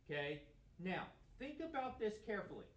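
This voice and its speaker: A man's voice: high-pitched, sing-song, normal speed, fairly bright tone. A man giving a math lecture in a classroom, talking casually and asking questions that he answers himself. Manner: conversational, asks questions and answers them himself. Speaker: math teacher. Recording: echoey room.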